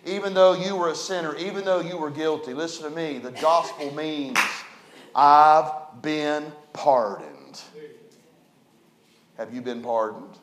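A man preaching a folksy storytelling sermon, animated and building to emphatic preaching. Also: a little high, fairly quick, few pauses. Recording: echoey room.

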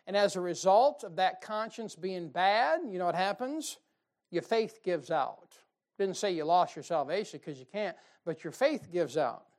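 A man preaching a folksy, emphatic sermon, with sudden loud bursts and mocking quotes. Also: high-pitched, animated, measured pace. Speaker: pastor. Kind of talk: fiery sermon.

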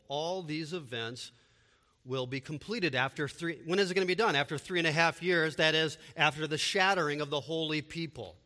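A man's voice: fairly high pitch, pushed and bright, in a large hall. A man preaching a sermon with emphatic delivery and repeated rhetorical questions. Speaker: pastor.

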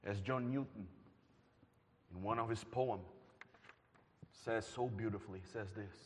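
A man preaching a sermon, moving between loud declarations and hushed, near-whispered passages. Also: on the low side, a little slow, pauses often, slight background noise. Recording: long hall reverb.

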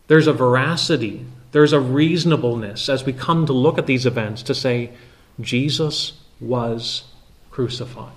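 Man preaching a measured expository sermon. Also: medium pitch. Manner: measured, emphatic, with many filler pauses. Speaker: pastor.

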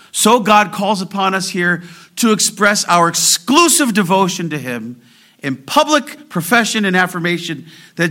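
Preacher with a bright voice, slow emphatic stresses. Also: male voice. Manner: swings from soft, low asides to raised, slow emphatic declarations; quotes scripture slowly and deliberately. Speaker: pastor. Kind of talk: sermon.

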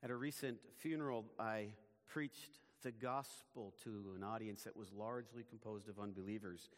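A man preaching a sermon as pastor, in a measured, emphatic way, his phrases often falling away at the ends. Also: lowish voice, steady tone, long reverb tail.

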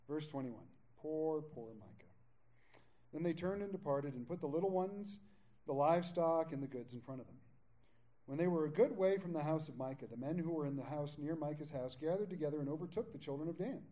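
Animated pastor with a lively high voice. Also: male voice, poor audio. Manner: animated, jokey asides and casual paraphrase between readings. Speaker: pastor teaching a Bible study. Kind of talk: conversational verse-by-verse sermon.

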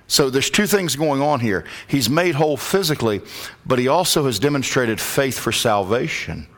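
Guy preaching, bright voice, gets loud and high when he cries out the verses. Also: expressive, normal speed. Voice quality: glasses-wearing reader of scripture. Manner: rises to loud impassioned calls when quoting. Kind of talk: sermon.

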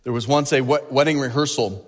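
A male pastor preaching a sermon in an animated way, stretching out key words for emphasis. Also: mid-range voice, brisk, long reverb tail.

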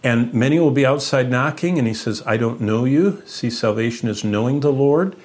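Earnest male preacher teaching a sermon. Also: normal speed. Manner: earnest teaching, lively swings in pitch and loudness. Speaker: pastor.

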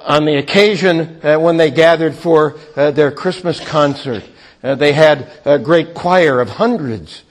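A man preaching a sermon slowly and deliberately, with frequent hesitant pauses. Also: mid-range voice. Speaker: pastor.

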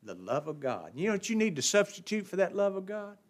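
A man preaching a sermon, asking rhetorical questions and answering them, swinging from hushed drops to emphatic bursts. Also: sits high, big pitch swings, a little fast.

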